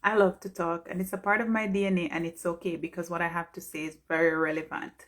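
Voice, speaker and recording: A woman's voice: fairly low pitch, flat delivery, fast talker. Earnest woman giving encouragement. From Jamaica. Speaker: pharmacist. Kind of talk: motivational live-stream talk.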